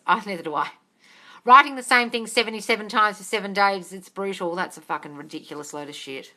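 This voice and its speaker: A woman's voice: medium pitch, sharp tone. A woman from Australia who hosts a casual live-stream Q&A, reading out viewers' comments and answering them bluntly, with plenty of swearing. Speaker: manifestation coach answering live questions. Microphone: phone.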